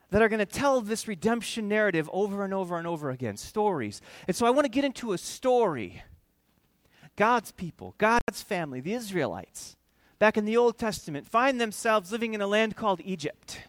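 A man preaching a sermon in an animated, conversational way, with quick asides to the congregation. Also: sits high, dry recording. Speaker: pastor.

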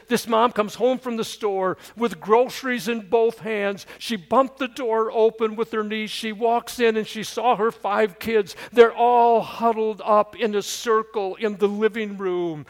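An older man preaches a sermon at a slow, deliberate pace. His voice sits fairly high for a man. He swings from lively, raised storytelling to quiet, earnest pleading. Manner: earnest, shifts from loud storytelling to hushed pleading. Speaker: pastor.

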